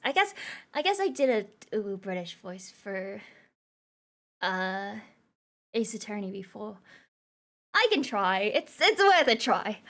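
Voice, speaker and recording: A young woman livestreamer chats casually with viewers, reading their messages aloud, playful and laughing often. Her mid-range voice is sing-song and a bit bright, and she takes it slowly with frequent pauses.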